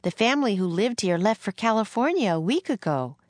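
A woman reading aloud plays a gentle frontier schoolteacher with a proper, encouraging way of speaking. The teacher's voice sits somewhat above the reader's own low voice. It is recorded dry and close. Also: lively intonation, fairly quick, dry recording, close to an everyday voice. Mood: kindly.

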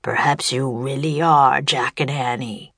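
A woman voicing a huge, gruff, one-eyed bearded wizard who speaks slowly and scornfully in a storybook reading. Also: fairly even intonation, a bit bright, no echo, full character voice. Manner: booming and slow.

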